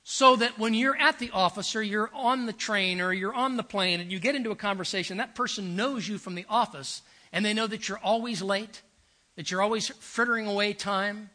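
A man's voice: high-pitched, pushed and bright. An older man preaching a sermon as pastor, earnest and emphatic, telling stories and repeating phrases for effect.

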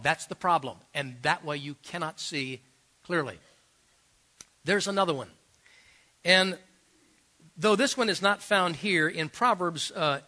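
Delivering a sermon full of personal anecdotes, this middle-aged pastor goes from forceful, loud points to hushed side comments, his voice sitting on the high side.

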